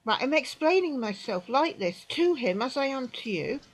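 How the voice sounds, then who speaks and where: Speaking to camera, a British woman in her sixties gives an indignant personal account of an experience in a somewhat high voice. She's very animated at a normal speed, repeating herself for emphasis and occasionally dropping into a quieter aside. The recording is rough.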